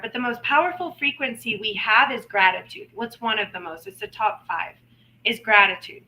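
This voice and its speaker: Over a live-stream mic with low-quality sound, a woman hosts an intuitive reading stream, chatting and rambling casually with playful asides. Her voice is fairly high and sharp-toned.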